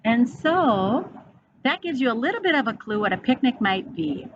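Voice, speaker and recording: Woman teacher, high and lively, storybook read-aloud for children. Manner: slow, animated, asking children questions. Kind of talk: reading a picture book aloud to children. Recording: dull, slightly noisy recording.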